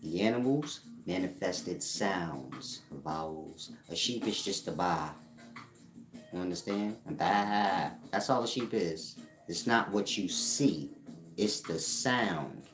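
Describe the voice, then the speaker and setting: A man giving a casual spiritual teaching monologue, drawling slowly and using street slang. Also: low-pitched, expressive, faint music behind. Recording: roomy echo.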